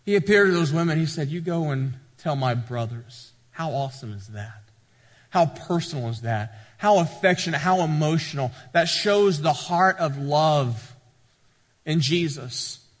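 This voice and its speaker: A man's voice: on the high side, lively intonation, measured pace, in a large hall. A male pastor, preaching a sermon with rising emphasis and frequent repetition.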